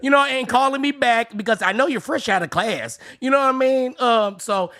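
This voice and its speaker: A man hosting a live-stream reaction, talking casually and breaking into loud joking rants. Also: very high-pitched, moderate pace.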